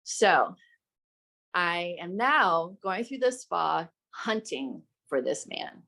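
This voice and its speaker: A woman's voice: fairly low pitch, big pitch swings, slow pace, vocal fry, fairly bright tone. A young adult woman hosting a podcast, telling a story in an emphatic, heated way and swearing freely. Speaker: podcast host.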